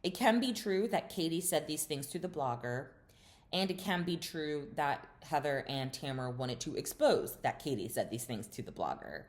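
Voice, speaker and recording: A woman's voice: low-pitched, lively intonation, moderate pace. A woman hosting a casual reality TV recap, chatty and opinionated, with lots of fillers and sassy asides.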